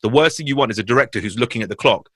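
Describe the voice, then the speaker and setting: A man in his thirties from West London with a London accent, a podcast guest telling animated, slangy stories and swearing freely. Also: mid-range voice, rapid-fire, dry recording. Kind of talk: casual podcast chat.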